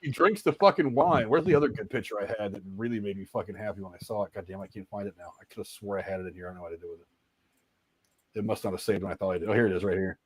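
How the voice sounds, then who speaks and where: A man's voice: lowish voice, quick pace, poor audio. A man hosting a casual movie review podcast, swearing freely as he reads out film trivia.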